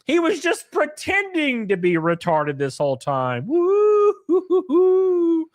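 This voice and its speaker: Drinking on a live stream, a man reads posts out loud and tears into them with mocking, foul-mouthed, animated rants. His voice is high and his pace measured, captured in a dry, clean studio recording.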